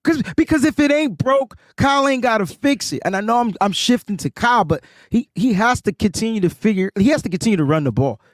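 Excitable male podcast co-host, high voice, dry close sound, ranting. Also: fast, hardly any pauses, no room sound. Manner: animated, ranting, repeats words. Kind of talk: excited sports podcast chat.

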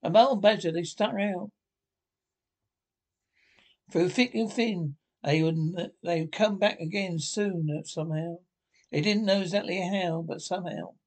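A man voicing a sensible, earnest male water rat in a storybook reading, telling things slowly and emphatically. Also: sits high, darkish tone. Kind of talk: storybook character voice.

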